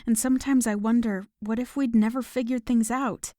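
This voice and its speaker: A woman's voice: fairly high pitch, fairly even intonation, normal speed, warm tone, no echo, clean studio sound, voice pushed up, natural voice. A woman voicing an emotional young woman in love in an audiobook romance, her speech lifted and eager.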